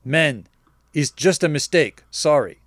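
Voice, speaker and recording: A man's voice: fairly high pitch, expressive, takes it slowly, a bit bright, no echo, clean studio sound, heavily acted. A man voicing a pushy, curt male buyer who speaks broken English in short clipped phrases.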